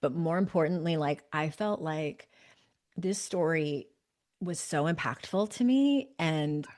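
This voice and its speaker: A woman's voice: low voice, expressive, a little slow, a little mellow. A woman in her fifties hosting a podcast, chatting casually and animatedly, often laughing and speeding up in bursts. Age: 50s. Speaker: podcast host. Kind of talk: casual conversational interview.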